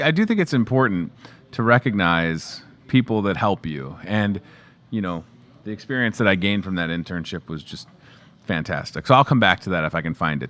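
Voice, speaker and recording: Man, 30s, local show host, casual upbeat chat, joking, slightly low pitch. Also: a bit bright. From Chicago area. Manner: chatty, upbeat and joking, talking to the camera and crew. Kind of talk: casual live show chat promoting store products.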